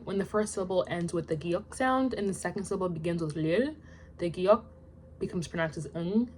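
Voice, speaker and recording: A woman's voice: lowish voice, a little hiss or hum. Young woman vlogging her study notes, chatty and kinda self-deprecating, mumbles off at the end of her asides. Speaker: language learner vlogger. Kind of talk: casual study vlog, reading rules aloud.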